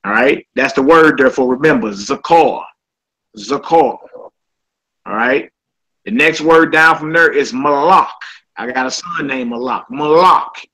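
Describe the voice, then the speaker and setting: A man's voice: mid-range voice, a little slow, sharp tone, poor audio. A man teaching a casual Hebrew vocabulary class. He often checks in with "all right?" and repeats each word.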